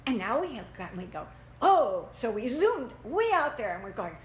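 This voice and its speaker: A woman teaching a church parenting class, lively and expressive, often laughing and acting out the people she quotes. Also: fairly high pitch, a little fast, slight background noise. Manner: animated, acts out quotes in voices, laughs often. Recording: echoey room with faint ambience.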